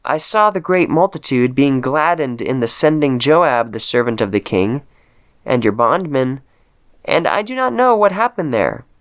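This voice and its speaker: A man's voice: medium pitch, sing-song, moderate pace, clear, resonant tone, pitched above the performer's own voice. A man reading aloud, voicing an eager young male messenger who pleads to run with the news. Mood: reverent.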